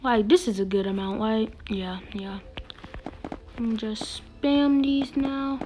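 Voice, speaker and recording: A woman's voice: fairly high pitch, measured pace, mellow. A woman giving casual, playful gameplay commentary as a game streamer, teasing other players and often dropping into a whisper.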